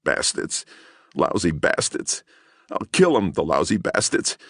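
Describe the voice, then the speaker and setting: A sobbing, desperate down-and-out man who whimpers and pleads, as a male narrator puts him on. The voice rides higher than the narrator's own and breaks and swings widely, in a dry storybook recording. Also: wildly swooping pitch, moderate pace, breathy edge, no room sound, full character voice. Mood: anguished.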